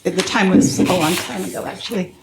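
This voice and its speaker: A woman's voice: lowish voice, a little fast, creaky, background noise. A woman speaking urgently and insistently during public comment at a town meeting.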